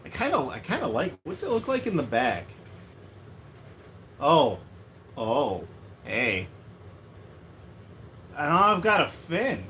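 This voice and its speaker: A man's voice: a little high, slow, pauses often. A man chatting casually and jokily on a livestream from a room at home, rambling from one thing to the next. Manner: rambling, joking, animated. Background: faint heater hum.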